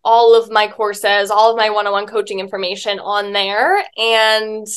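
A woman's voice: medium pitch, flat delivery, normal speed, smooth. A woman guest, a spiritual life coach, chatting casually in an interview, telling stories with lots of filler words and the odd swear.

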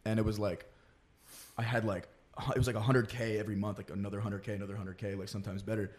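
A man talking casually as a podcast guest in a lowish voice. He rambles in a relaxed way and fills his sentences with "like". The tone stays easygoing and conversational. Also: fast. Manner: relaxed, rambling, heavy use of "like". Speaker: guest, content creator.

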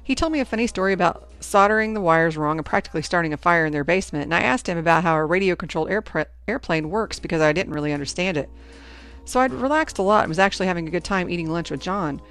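A woman reading a first-person teen novel aloud in a lively storytelling manner. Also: on the low side, fast talker, soft background music. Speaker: audiobook narrator.

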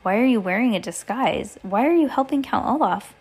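A woman's voice: on the high side, animated, fairly quick, breathy edge. A woman reading aloud, voicing a clever young boy who asks indignant questions.

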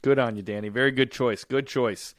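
A man's voice: mid-range voice, steady tone, fairly quick, no room sound, studio quality. A man co-hosting a podcast, chatting casually and laughing often. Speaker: podcast co-host. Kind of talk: casual chat.

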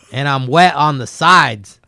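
A man casually telling profane, laughing stories about a friend in a relaxed chat. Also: mid-range voice, slow, vocal fry, dry recording, studio quality. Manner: laid-back, profane, laughs through his stories.

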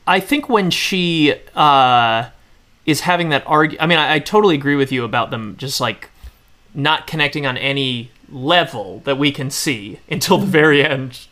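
A man's voice: fairly high pitch, moderate pace, sharp tone. A man co-hosting a podcast, talking animatedly about a film and laughing between points. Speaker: podcast co-host. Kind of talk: casual film discussion.

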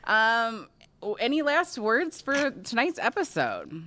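A woman's voice: a little high, sing-song, slow pace, sharp tone. A woman co-hosting a reality TV recap podcast in casual chat, laughing and sighing often. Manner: chatty, laughs often, sighs. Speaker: podcast co-host.

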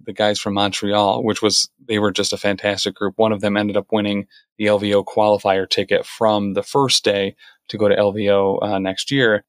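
Low-voiced man in relaxed podcast chat. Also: no echo, clean studio sound. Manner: relaxed, rambling with restarts. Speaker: podcast co-host, tournament organizer.

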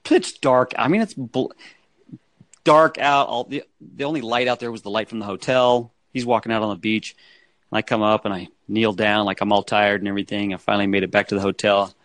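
A man's voice: on the low side, fairly even intonation, brisk, a bit bright, no echo. A man casually telling rambling stories in a chat, laughing often.

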